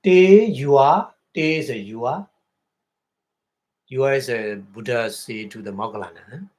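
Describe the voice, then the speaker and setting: A man with a Burmese accent, a Buddhist monk giving a Dharma talk, explaining Pali words slowly with many pauses and repetitions. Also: medium pitch, a little mellow. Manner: slow, halting, repeats and glosses words.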